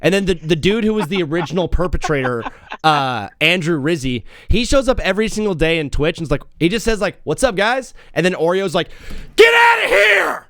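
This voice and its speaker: Young guy hosting a sports show, bouncy up and down voice, kinda high, dry close mic. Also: fast, no echo. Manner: animated, laughs often, acts out callers. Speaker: sports talk show host. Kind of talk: casual podcast chat.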